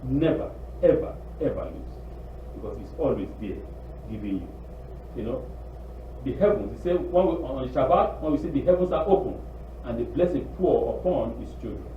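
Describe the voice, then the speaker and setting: A man preaching a sermon in an animated, pleading way, acting out quotes. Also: mid-range voice, moderate pace, recorded from a distance, a little hiss or hum. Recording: tinny echoey room recording from afar.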